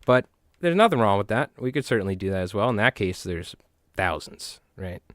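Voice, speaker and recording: A man's voice: fairly low pitch, big pitch swings, a little fast, a bit bright, dry recording, clean studio sound. Chatty New York man tying flies. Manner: rambling, joking, chatty with viewers. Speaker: fly tying channel host. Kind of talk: casual livestream chat while tying flies.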